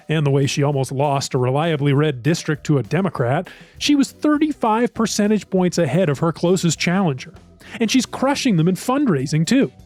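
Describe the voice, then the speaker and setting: A man, the show's producer, narrating a scripted recap in a steady, explanatory way. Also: a little high. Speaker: podcast producer.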